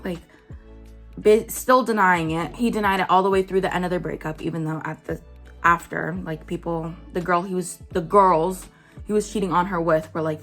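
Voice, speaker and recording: A woman's voice: lowish voice, steady tone, moderate pace, a bit bright, soft background music. Blunt chatty woman vlogger. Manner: chatty, blunt, filler-heavy with "like" and "um". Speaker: commentary vlogger. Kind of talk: casual commentary chat.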